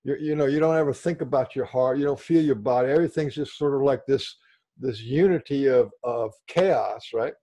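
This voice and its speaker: A man's voice: mid-range voice, moderate pace, warm tone. A man speaking to a discussion group, explaining ideas and often checking in with listeners. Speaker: workshop speaker.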